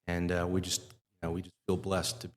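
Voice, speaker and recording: A man's voice: low voice, monotone, fairly quick. A middle-aged man from the Midwest, a marina owner talking in a casual interview with many fillers and restarts. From Wisconsin, US Midwest. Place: live show at a fishing center. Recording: long reverb of a large live venue.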